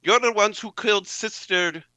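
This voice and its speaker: A scheming old nun, put on by a man, pleads in halting, broken phrases. Her voice sits high and bright, and the tabletop game is recorded dry and close. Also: no room sound, rough recording. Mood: accusing. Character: cunning older nun, feigning frailty.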